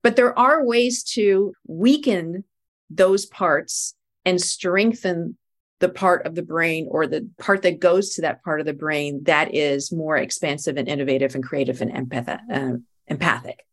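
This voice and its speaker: A middle-aged woman, a spiritual life coach, explaining ideas calmly in a casual podcast conversation. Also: deep voice, a little slow.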